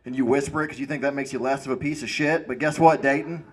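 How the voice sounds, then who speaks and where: A man doing a relaxed, self-deprecating stand-up set on a club stage. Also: medium pitch, fast talker. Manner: self-deprecating, laid-back stoner delivery. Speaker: stand-up comedian. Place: comedy club stage with audience.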